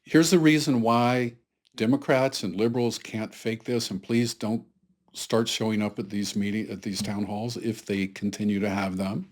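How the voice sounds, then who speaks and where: Low-voiced man giving earnest political commentary. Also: steady tone, moderate pace, a little mellow. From Atlanta, Georgia, US South. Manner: earnest, conversational, pleading with viewers. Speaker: political commentary channel host. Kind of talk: solo political commentary to camera.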